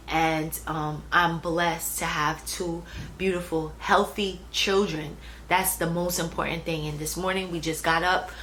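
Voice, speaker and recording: A woman's voice: on the low side, fairly bright tone, rough recording. A young adult woman talking casually about her own pregnancy, chatty, with fillers and restarts. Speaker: vlogger. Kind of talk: casual personal storytelling. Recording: faint background noise.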